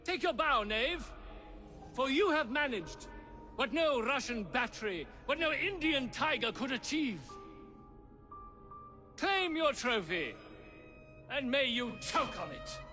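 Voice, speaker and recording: An actor playing a pompous, theatrical British aristocratic cavalry officer, speaking grandly in a game cutscene. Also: male voice, extremely high pitch, very animated, slow, long pauses, bright, forceful tone, faint music behind, exaggerated voice. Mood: scornful.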